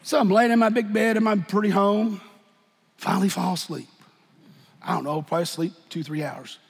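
A man preaching a sermon and telling his own story, shifting from shouted bursts to hushed, quiet talk in a folksy way. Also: high voice, fairly even intonation, moderate pace, vocal fry, slightly rough. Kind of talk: sermon with personal testimony. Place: church sanctuary. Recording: long church reverb.

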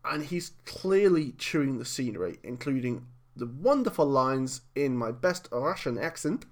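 A man's voice: mid-range voice, expressive, a little slow. A man hosting a solo podcast, giving an opinionated, conversational film review full of rhetorical questions. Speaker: podcast host.

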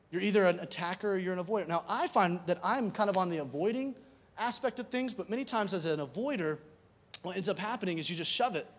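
A pastor preaching a conversational sermon, asking rhetorical questions and repeating key words for emphasis. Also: male voice, high voice.

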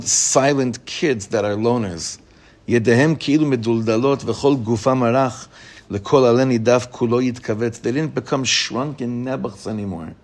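A man teaching a class as a rabbi. He reads a text aloud, explains it line by line, and grows lively when he quotes excited children. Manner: animated, pitch rising when reading children's excited questions. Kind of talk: Torah lesson.

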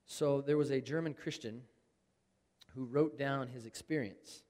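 A man's voice: medium pitch, a little slow, dark tone, in a large hall. A man preaching a sermon in an earnest, conversational way, reading scripture aloud to his congregation. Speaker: pastor.

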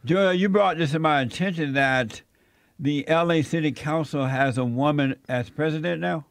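A man's voice: a little high, normal speed, creaky, no room sound, clean studio sound. A man hosting a talk radio show, bantering with his guests and laughing between lines.

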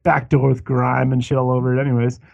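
A man's voice: mid-range voice, monotone, quick pace, vocal fry, darkish tone, dull audio. A man co-hosting a casual podcast over a call, telling a long story in a rambling way, full of swearing and restarts. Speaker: podcast co-host. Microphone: Skype call.

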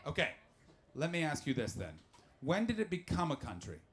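A man's voice: a little high, huge pitch swings, normal speed. A young man doing a stand-up comedy set, telling rambling, profane, self-mocking stories and throwing questions at the crowd. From Canada.

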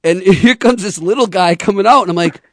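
Chatty sports radio host. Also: male voice, high voice, a little fast, dry recording, studio quality. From Boston. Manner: chatty storyteller, laughs often, excitable. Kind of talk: casual on-air chat. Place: radio studio.

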